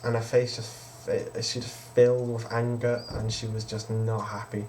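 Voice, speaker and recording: A man's voice: lowish voice, level tone, moderate pace, darkish tone, slight background noise. A teenage man, casually telling a personal story in a rambling vlog from his bedroom. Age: teens. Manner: casual, rambling, quotes others with "I was just like". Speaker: vlogger.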